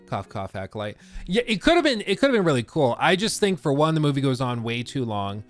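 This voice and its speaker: Animated sarcastic man streaming. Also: medium pitch, fast, soft background music. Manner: animated, sarcastic ranting with mocking quoted voices. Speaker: livestream host. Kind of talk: casual live-stream chat. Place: basement room at his desk.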